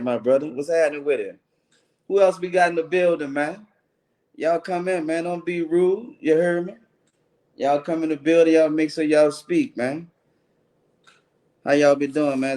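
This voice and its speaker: Livestream host, man, slangy laid-back banter, bit high voice. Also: a little mellow. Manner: loose slangy banter, calls out viewers by name. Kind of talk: casual livestream chat greeting viewers.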